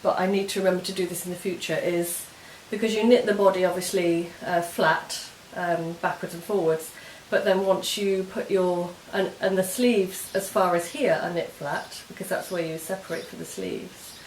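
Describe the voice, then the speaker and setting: A knitting podcast host with a lowish voice speaks at normal speed in a steady tone, pausing little. She chats casually and meanders while explaining her projects step by step, show-and-tell fashion, in a recording with roomy echo and faint hiss.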